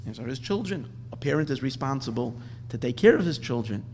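A man's voice: medium pitch, expressive, a little fast, a little mellow, in a large hall, a little hiss or hum, lightly acted. A man voicing an indignant old male sage who defends simple villagers, in an impassioned, pleading way.

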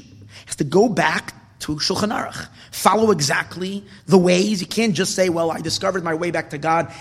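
Gravelly, husky rabbi giving a sermon. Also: male voice, high voice, in a large hall. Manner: swings from loud emphatic bursts to hushed near-whispers. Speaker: rabbi teaching a Torah class.

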